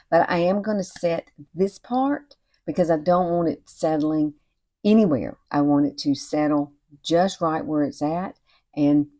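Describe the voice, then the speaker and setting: Woman, 60s, chatty, encouraging, slightly low voice, casual makeup tutorial. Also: mellow. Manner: chatty and encouraging, often says y'all and girl. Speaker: beauty vlogger. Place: home at night with cicadas outside.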